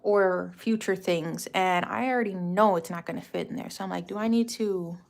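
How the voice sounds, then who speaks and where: A woman's voice: on the low side, steady tone, moderate pace, vocal fry. Chatty rambling woman vlogging. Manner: rambling and chatty, with many fillers and restarts. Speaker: craft vlogger and small shop owner. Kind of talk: casual vlog chat.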